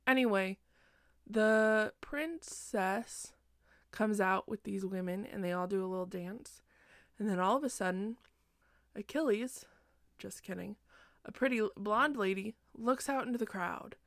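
A woman's voice: medium pitch, a little slow, no echo, studio quality. A sleepy young woman recapping a book in a chatty, self-deprecating, digressive way, recorded at home at night. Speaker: podcast host.

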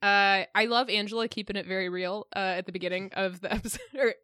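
A woman co-hosting a podcast rambles through her thoughts in casual chat, full of fillers. Her mid-pitched voice is recorded dry and close. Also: fairly even intonation, fast, sharp tone, no room sound. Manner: rambling, filler-heavy, laughs often. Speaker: podcast co-host.

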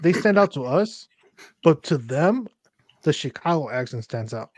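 Casual man, slightly high, dry sound. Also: big pitch swings, a little slow, a little mellow, no room sound. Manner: casual, mixes English and Spanish. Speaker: podcast co-host. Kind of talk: casual chat.

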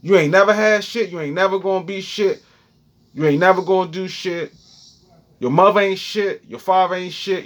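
A young man giving a heated, profane, preachy freestyle rant monologue. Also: fairly high pitch.

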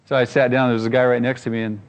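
A man's voice: mid-range voice, little pitch movement, racing, big-room sound. A man preaching a sermon as pastor, earnest and emphatic, often repeating his phrases.

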